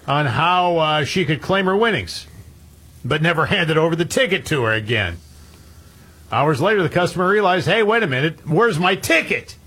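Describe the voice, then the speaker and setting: A man's voice: a little high, fairly bright tone, husky. A man co-hosting a radio show, reading news stories with wry, sardonic commentary. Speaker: radio co-host. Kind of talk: morning radio banter.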